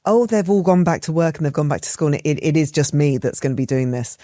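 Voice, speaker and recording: A middle-aged woman co-hosting a podcast from a room at home, telling stories in a lively, animated way. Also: low voice, fast, no room sound, studio quality. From England. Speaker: podcast co-host. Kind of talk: casual chat.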